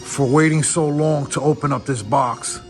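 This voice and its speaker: A man's voice: medium pitch, steady tone, normal speed. A man opening trading card packs on camera, awestruck and repeating exclamations of wonder. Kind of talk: excited unboxing commentary. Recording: background music.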